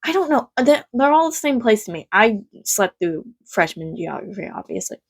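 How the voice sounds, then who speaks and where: A woman ranting on her vlog from home, rambling and swearing, swinging from low mutters to loud, exasperated outbursts. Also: big pitch swings, normal speed, vocal fry, breathy edge, no room sound. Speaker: vlogger.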